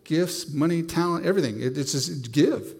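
A man's voice: fairly high pitch, expressive, moderate pace, gravelly, darkish tone, husky, long reverb tail. A man preaching a sermon, telling self-deprecating stories with frequent restarts.

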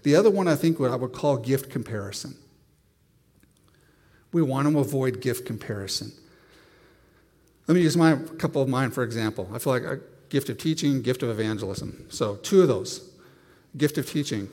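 A man's voice: medium pitch, expressive, moderate pace, pauses often, a little mellow, big-room sound. A man preaching a sermon, telling self-deprecating stories with frequent restarts.

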